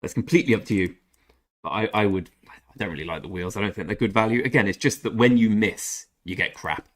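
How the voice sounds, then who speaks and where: A man's voice: lowish voice, fast talker, fairly bright tone. A young British man streaming a game, chatting casually with viewers by name and giving blunt opinions with mild swearing. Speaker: gaming streamer. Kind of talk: casual livestream chat while playing.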